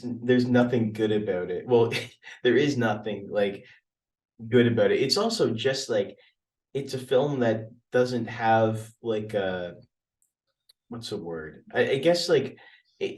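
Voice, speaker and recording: Young male podcast co-host, lower voice, blunt rambling delivery, slightly distant mic. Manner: rambling, frequent restarts and fillers, blunt and profane. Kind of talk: casual movie debate.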